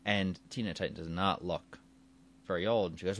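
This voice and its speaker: A man's voice: low-pitched, steady tone, normal speed. A man hosting his own podcast in a casual, rambling way, chuckling often and restarting his sentences. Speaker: podcast host. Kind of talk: casual solo podcast chat.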